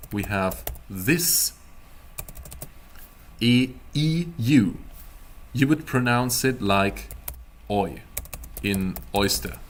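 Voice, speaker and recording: Male language teacher, fairly low voice, unhurried, playful and teasing, drilling sounds. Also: a little hiss or hum. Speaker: German teacher. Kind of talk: beginner language lesson.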